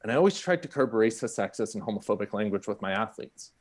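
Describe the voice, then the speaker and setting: A man's voice: lowish voice, quick pace. Candid man telling his story. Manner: candid, animated, acts out the people in his story. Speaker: panel speaker. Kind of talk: personal storytelling talk.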